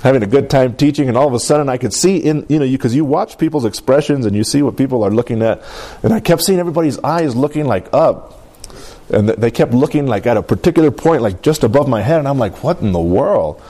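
A man's voice: mid-range voice, fast talker, mellow. A man preaching a sermon, telling personal stories and building to emphatic, rising exhortations. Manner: storytelling, emphatic with rising intensity.

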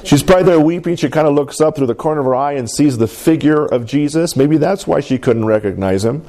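A man's voice: on the high side, fast talker. A man preaching a sermon, talking through a scripture story and asking the congregation questions. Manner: expressive, asks the congregation questions. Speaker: pastor.

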